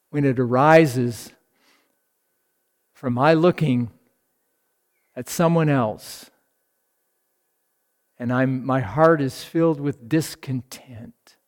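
Slow, reflective male preacher. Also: medium pitch, darkish tone. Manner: slow and reflective, rising to fervent emphasis, with audible sighs. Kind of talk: devotional sermon.

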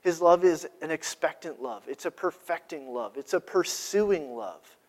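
A man's voice: a little high, animated, unhurried. A man preaching a sermon, asking rhetorical questions and building to emphatic peaks. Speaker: pastor.

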